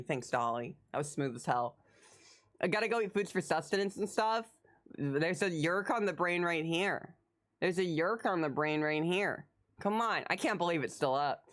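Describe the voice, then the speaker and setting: Excitable woman streamer, lively pitch. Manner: excitable, swings from squealing to low mumbles. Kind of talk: casual live-stream chat.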